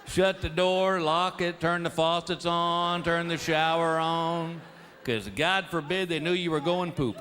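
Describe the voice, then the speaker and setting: A middle-aged man doing stand-up comedy, telling stories in an animated, exasperated way and slipping into put-on voices. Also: fairly high pitch, measured pace, soft background music. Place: comedy stage before a live audience. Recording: live show with loud crowd noise.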